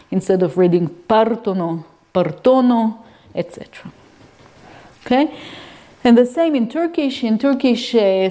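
Mellow-voiced woman giving a lecture. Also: medium pitch. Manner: explanatory, checks in with listeners. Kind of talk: academic lecture.

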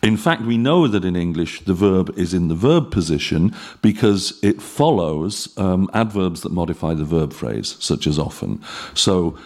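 A middle-aged man with a very low voice lectures on linguistics. He explains in a measured, patient way, pausing often with ums and uhs. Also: expressive, darkish tone. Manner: measured, explanatory, with frequent fillers. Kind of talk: academic lecture.

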